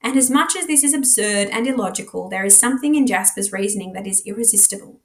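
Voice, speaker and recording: A woman with an Australian accent, a teacher reading a novel aloud with dramatic, expressive narration. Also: medium pitch, fast. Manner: dramatic, shifts voice and pace for characters.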